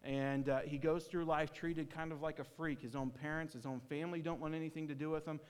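Earnest male preacher, somewhat high voice, recorded with long room reverb. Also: fairly even intonation, smooth. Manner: earnest storytelling with halting restarts. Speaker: pastor. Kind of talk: sermon. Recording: hall reverb.

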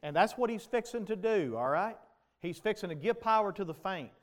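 High-voiced preacher asking the room questions. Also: male voice, animated, brisk. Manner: preaching with rhetorical questions to the congregation, rising to shouts. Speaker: pastor. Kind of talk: sermon.

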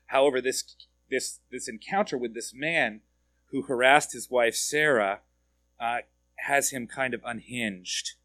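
A man's voice: medium pitch, measured pace, pushed and bright, no room sound. A man giving a conversational sermon as a pastor, often asking his listeners direct questions and repeating words as he goes.

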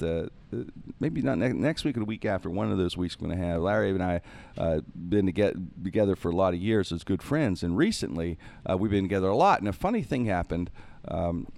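A man with a notably deep, low-pitched voice chats casually as a podcast host. He tells funny stories with animation, putting on voices for the people in them and laughing along. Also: vocal fry. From Pittsburgh, USA. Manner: animated, acts out voices in anecdotes, laughs often. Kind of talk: casual storytelling.

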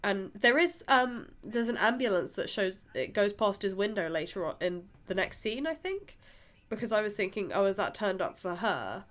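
A woman's voice: medium pitch, very animated, normal speed, few pauses, a bit bright. A woman co-hosting a podcast, chatting casually and giggling through a film review with lots of fillers. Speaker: podcast co-host.

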